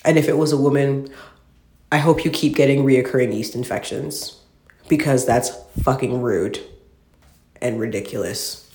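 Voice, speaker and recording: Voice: mid-range voice, steady tone, normal speed, pauses often, a little mellow. Exasperated profane ranter in an echoey room. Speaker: podcast host. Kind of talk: solo ranting monologue. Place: newly moved-into apartment, sparsely furnished.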